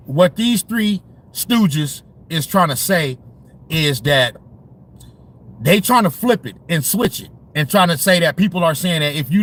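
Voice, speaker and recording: A man's voice: fairly high pitch, a bit bright. Fired-up man ranting about basketball. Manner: heated, profane, repetitive and slangy with many restarts. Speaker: sports commentary vlogger. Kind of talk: profane rant on basketball.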